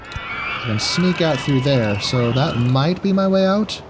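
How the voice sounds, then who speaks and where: A man's voice: fairly high pitch, expressive, takes it slowly, background noise. A man giving casual gameplay commentary, thinking aloud as he works out his build. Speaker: gaming video creator.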